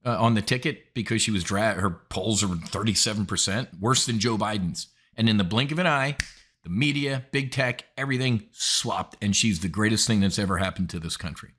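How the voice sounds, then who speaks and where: A man's voice: on the low side, a bit bright. A man hosting an options trading show, giving blunt, indignant market commentary with emphatic outbursts.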